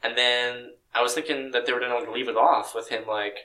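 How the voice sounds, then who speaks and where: A young man chatting casually about a film, excitable and full of fillers, laughing often. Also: mid-range voice, fairly quick, roomy sound, far from the mic, poor audio.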